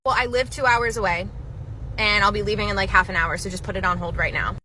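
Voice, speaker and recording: A woman voicing an entitled woman customer who yells and curses about a lost coffee table hold. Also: steady tone, fast talker, slight background noise, natural voice. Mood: pushy. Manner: shrill, rude, yelling and cursing.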